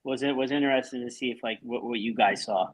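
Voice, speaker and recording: A man's voice: mid-range voice, fast talker, low-quality recording. A man co-hosting a casual football watch-along, rambling with many fillers and questions. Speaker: co-host of a football show.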